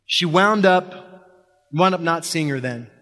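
A man telling a personal story from a stage, halting and restarting, building tension through repetition. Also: on the high side, expressive, fairly bright tone. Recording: long reverb of a hall.

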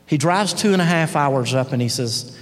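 A man's voice: a little high, lively intonation, moderate pace. Earnest man in a reverberant hall. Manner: earnest storytelling, swinging between loud and hushed. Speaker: marketing director giving a testimonial. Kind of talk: motivational testimonial speech.

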